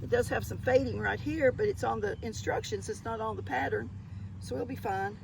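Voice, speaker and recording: An older Southern woman with a gravelly, creaky edge to her voice talks viewers through her yard sale finds. She is chatty and folksy and keeps calling her audience y'all in a relaxed show-and-tell haul. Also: on the high side, a little fast, noisy background. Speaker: thrift haul vlogger.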